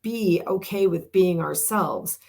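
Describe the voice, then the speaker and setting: An older woman hosts a reflective podcast conversation, her voice sitting a little low. She speaks earnestly and leans on key words, slowing down when she reads aloud. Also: vocal fry, darkish tone. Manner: earnest, emphatic, slows down to read aloud. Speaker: podcast host.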